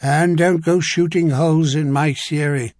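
A man's voice: fairly high pitch, fairly even intonation, unhurried, a little mellow, no room sound, pitched above the performer's own voice, lightly acted. A man doing a dry, wry older duke.

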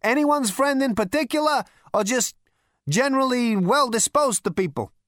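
A man voicing a brash, excitable alien ex-president who yelps his lines high and loud. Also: moderate pace, no echo, clean studio sound. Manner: loud, yelping, incredulous.

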